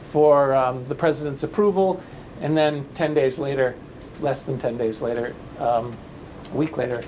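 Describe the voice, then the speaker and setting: Workshop leader, male, higher-set voice, halting and restarting, noisy classroom recording. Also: darkish tone. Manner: halting, many restarts and fillers. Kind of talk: classroom lecture with slides.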